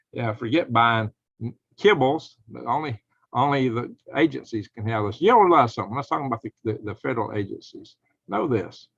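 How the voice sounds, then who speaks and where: A man's voice: medium pitch, expressive, moderate pace, creaky, a bit bright, slightly rough, no room sound. A man hosting a live show, talking in a rambling, speculative way with frequent chuckles. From United States. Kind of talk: rambling live-stream commentary. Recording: dull lo-fi dry sound.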